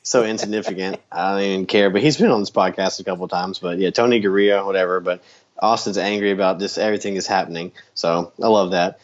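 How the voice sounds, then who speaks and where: Casting: male podcast co-host, lower voice, animated rants, muffled lo-fi audio. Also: quick pace. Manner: animated ranting, laughs often. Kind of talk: casual chat. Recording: dull lo-fi sound.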